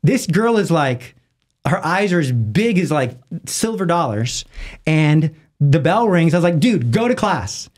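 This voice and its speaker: A man, a lay evangelist, telling a story as a podcast guest, acting out the people he quotes with sudden jumps in pitch and rushing through his asides. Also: lively intonation, darkish tone. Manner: acts out quoted voices with big jumps in pitch; rushes asides in quick bursts. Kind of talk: animated storytelling in conversation.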